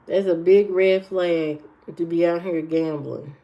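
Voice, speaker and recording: Her voice sits fairly low, mellow and steady, with a measured pace. She's hosting a casual livestream, reacting to viewers and offering blunt, opinionated takes on dating, all through muffled lo-fi audio.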